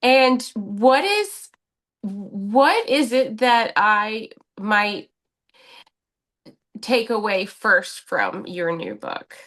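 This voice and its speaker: A woman's voice: medium pitch, expressive, drawn-out words. A woman hosting a podcast interview who often stammers and restarts her questions. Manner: hesitant, stammering restarts, warm affirmations. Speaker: podcast host.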